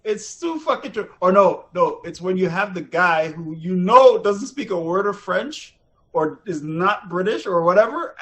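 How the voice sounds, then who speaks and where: A man from Montreal, an actor, telling animated, profane anecdotes in a casual chat and laughing as he goes. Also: high-pitched, unhurried, rough recording. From Montreal, Canada. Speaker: actor, podcast guest.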